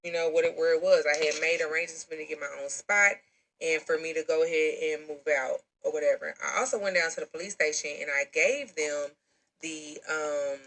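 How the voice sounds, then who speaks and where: Bright-voiced blunt woman telling her story. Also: sits low, brisk, low-quality recording. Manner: blunt, emphatic, uses slang. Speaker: storyteller recounting her own experience. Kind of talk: recorded personal story.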